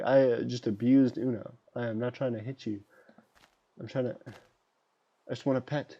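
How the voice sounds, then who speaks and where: A man streaming a game and chatting casually to viewers, his talk loose and rambling, often bursting into excitement. His voice is warm and mellow in tone at a middle pitch. The sound is muffled and lo-fi, with soft music playing underneath. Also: moderate pace, pauses often. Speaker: livestream host. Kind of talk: casual livestream chat while gaming. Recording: dull lo-fi sound with faint background beats.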